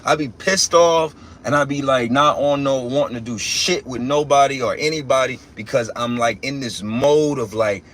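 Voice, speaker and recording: A man's voice: mid-range voice, moderate pace, few pauses, a bit bright, slight background noise. A young man giving a casual spiritual rant as a religious teacher, emphatic and profane, repeating himself and restarting often.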